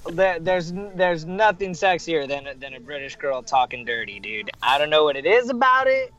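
A man's voice: on the high side, sing-song, moderate pace, fairly bright tone, dull audio. A man from Southern California chatting casually on a podcast, joking and swearing with frequent restarts. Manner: joking, profane, stumbling restarts. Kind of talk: casual chat.

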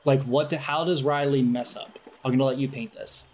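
A man running a tabletop game as game master, narrating in a relaxed, chatty way. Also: mid-range voice, brisk.

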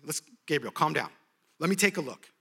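A man voicing God as a relaxed, easygoing boss who soothes and decides casually. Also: on the high side, brisk, creaky, breathy edge, heavily acted.

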